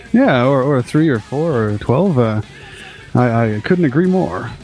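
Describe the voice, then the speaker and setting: A man's voice: medium pitch, sing-song, takes it slowly, a little mellow, soft background music. A man co-hosting a gaming podcast, playful with mock-dramatic announcing. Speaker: podcast co-host. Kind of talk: casual gaming podcast banter.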